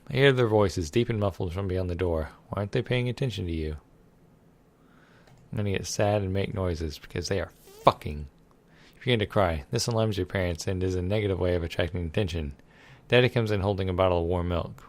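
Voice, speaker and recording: In a low, darkish voice, a man plays through a text game for a let's play, reading it out loud. He mocks it with sarcastic, irreverent remarks and swears without restraint.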